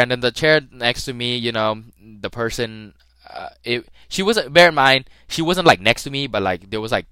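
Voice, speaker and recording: A man's voice: mid-range voice, fairly bright tone, no room sound. A young man hosting a podcast, telling a story in a rambling, slang-filled way with many restarts. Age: young adult. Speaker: podcast host. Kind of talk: casual solo storytelling.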